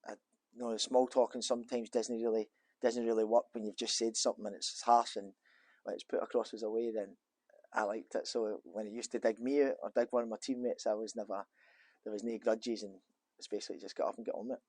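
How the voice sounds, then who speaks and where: A man's voice: lowish voice, little pitch movement, fast talker, a little mellow, no echo. A man, a former footballer being interviewed in an office, talking casually and rambling with many restarts and fillers.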